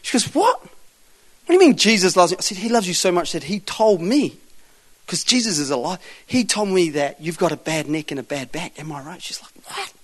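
A man preaching and telling lively stories, acting out both sides of conversations with loud bursts. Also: a little high, brisk. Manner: animated storyteller acting out dialogue, loud bursts. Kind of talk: sermon storytelling.

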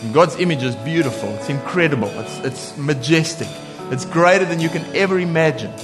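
A man preaching a sermon in a lively way, laughing often and acting out voices when he quotes people. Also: on the high side, a little fast, over music.

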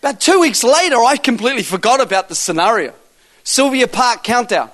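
A man preaching and telling lively stories, acting out both sides of conversations with loud bursts. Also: very high voice, a little fast. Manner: animated storyteller acting out dialogue, loud bursts. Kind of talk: sermon storytelling.

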